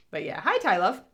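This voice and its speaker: Middle-aged woman, bright voice, rambling livestream host who chats with viewers. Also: fairly low pitch. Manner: chatty, rambling, answers chat. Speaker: livestream host painting miniatures. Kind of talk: casual livestream chat.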